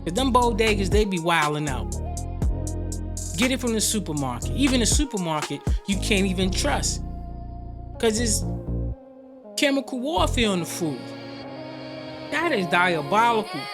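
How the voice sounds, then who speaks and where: A woman talks in a loose, slangy way, stretching her words and now and then going sing-song. Clear music plays behind her voice in a casual podcast chat. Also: medium pitch, sing-song, moderate pace, pauses often. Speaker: podcast co-host. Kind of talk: casual commentary. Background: background music.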